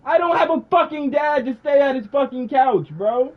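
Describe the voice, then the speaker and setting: Very high-voiced, angry profane man. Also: expressive, moderate pace, phone-quality sound. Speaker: streamer. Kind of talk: heated phone argument during a stream.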